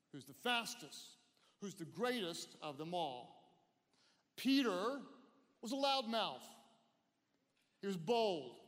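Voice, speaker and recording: High-voiced animated male preacher. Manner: animated, leads call-and-response. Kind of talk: sermon. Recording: long hall reverb.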